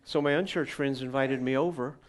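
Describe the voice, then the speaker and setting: Chatty preacher telling stories. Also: male voice, medium pitch, a little fast, slight background noise. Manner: chatty, asks the congregation questions. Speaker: pastor. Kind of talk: conversational sermon storytelling. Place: church gathering.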